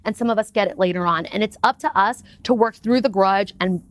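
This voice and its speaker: An upbeat woman guest tells stories with lively expression in a relaxed interview chat. Her voice is recorded close and dry, with no room sound around it. She sits at a middle pitch for a woman. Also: brisk, no room sound. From United States. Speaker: podcast guest.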